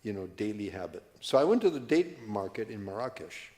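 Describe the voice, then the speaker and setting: A man's voice: lowish voice, very animated, brisk, darkish tone. Rambling older Californian man in a hall. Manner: rambling, prone to tangents and restarts. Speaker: workshop speaker. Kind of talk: storytelling talk. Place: mosque hall. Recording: long hall reverb.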